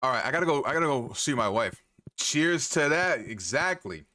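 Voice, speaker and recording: A young New Yorker live-streams a game, bantering with his chat in a playful, profane, hyped-up way. His mid-range voice is pushed and bright, with big pitch swings at normal speed, and a little hiss or hum sits in the background.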